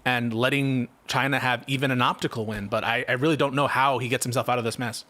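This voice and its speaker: A man's voice: medium pitch, steady tone, fast talker, sharp tone. A man on a panel, speaking hesitantly and unsure. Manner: hesitant, uncertain. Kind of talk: casual panel chat.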